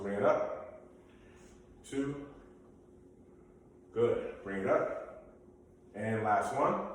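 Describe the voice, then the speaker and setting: A man's voice: on the low side, a little hiss or hum. A man leading a basic workout class, giving coaching cues and counting down the reps. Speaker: fitness instructor. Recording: very echoey room, mic far off.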